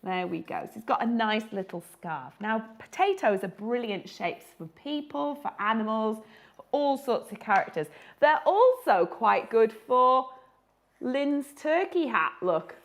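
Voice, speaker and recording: A woman's voice: on the high side, expressive, a little slow. A woman who illustrates children's books, chatting and joking as she teaches children to draw. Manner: chatty, jokey, talks to children. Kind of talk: live drawing tutorial for children.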